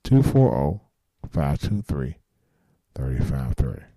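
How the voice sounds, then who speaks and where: A man's voice: extremely low pitch, very animated, takes it slowly, warm tone, no room sound, clean studio sound. A man in his fifties hosting a live late-night call-in show, talking earnestly and bluntly, repeating himself and swearing now and then. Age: 50s.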